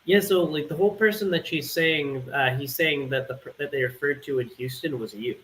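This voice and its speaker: A man chatting casually on a panel, agreeing often and filling pauses with "like" and "um". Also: a little high, fairly bright tone, a little hiss or hum, rough recording. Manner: filler-heavy, agreeable. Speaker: panel participant. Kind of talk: casual online panel chat.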